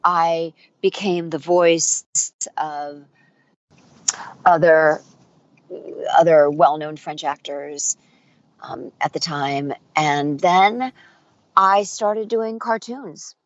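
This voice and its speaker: Woman, middle-aged, voice actor, animated storytelling, lower voice, dry dull audio. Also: extremely slow, long pauses, dry recording. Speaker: voice actor and dialect coach. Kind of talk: casual interview chat.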